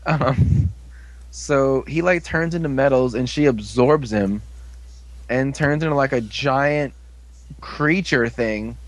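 A man casually recapping a TV episode, rambling with lots of "like"s and quick asides. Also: medium pitch, dry recording. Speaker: show recapper.

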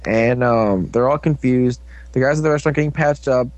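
Recapping an episode on his podcast, a young male co-host rambles and jokes, slipping into goofy character voices. He speaks at medium pitch, fairly quickly, with a slightly mellow tone and no echo.

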